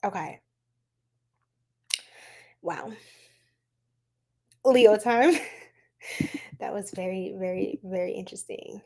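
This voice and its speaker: A woman from the United States hosting a casual live-stream tarot reading, chatty and animated, laughing often and talking to her viewers. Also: mid-range voice, slow, pauses often.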